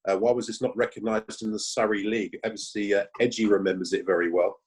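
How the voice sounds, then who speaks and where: A low-voiced man with a slightly husky tone hosts the panel. He moves quickly through his questions in a relaxed, conversational way. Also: low-quality recording. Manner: conversational, asks follow-up questions. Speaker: host. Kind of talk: interview hosting.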